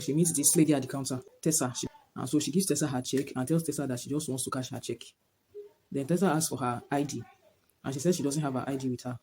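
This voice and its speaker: Fast-talking man rambling through a movie recap. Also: a little high, warm tone. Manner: rambling retelling full of "like" and "whatnot". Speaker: movie reviewer. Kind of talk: casual movie plot recap to camera.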